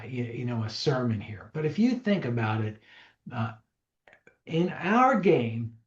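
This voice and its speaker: A man's voice: medium pitch, a little mellow. A man giving an emphatic, conversational seminar talk to a live audience, acting out sample dialogues as he teaches. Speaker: real estate trainer. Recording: roomy, slightly dull recording.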